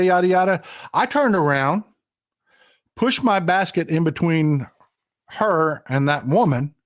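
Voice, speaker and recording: A middle-aged man talks straight to his livestream viewers. His voice sits a little higher than most men's. He is folksy and hot-tempered, and he keeps calling his audience folks. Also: no room sound, studio quality. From Texas. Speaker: livestream host. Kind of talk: casual political livestream talk.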